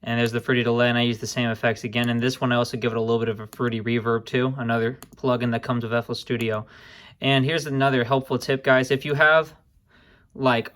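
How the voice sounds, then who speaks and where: Flat-toned young man explaining software. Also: mid-range voice. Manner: laid-back, addresses viewers as guys, apologizes for slips. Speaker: music production tutorial host. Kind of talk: casual screen-recorded tutorial.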